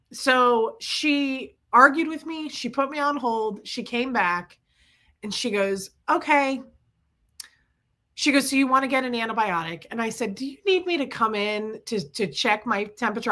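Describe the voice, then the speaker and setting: Middle-aged lady with a chest cold, bright forceful voice, ranting to her chat, a bit high. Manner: ranting, animated storytelling, reading out viewer names. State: sick with chest congestion. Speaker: livestream host. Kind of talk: casual chat to viewers.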